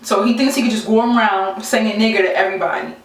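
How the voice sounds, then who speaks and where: A young woman vlogger telling a story to camera in a casual, animated, exasperated way, acting out the quotes. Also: mid-range voice, quick pace. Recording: very echoey room, mic far off.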